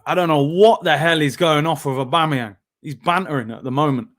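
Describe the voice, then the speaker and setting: High-voiced excitable man. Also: a little fast, slight background noise. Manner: excitable, slangy, bursts into shouts. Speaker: host of a football watchalong. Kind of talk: live reactive commentary.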